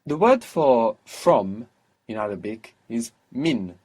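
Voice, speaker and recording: A man's voice: mid-range voice, lively intonation, slow pace, darkish tone, slightly rough, no echo. A man teaching a language lesson, who explains grammar patiently, step by step, and prompts his student with questions.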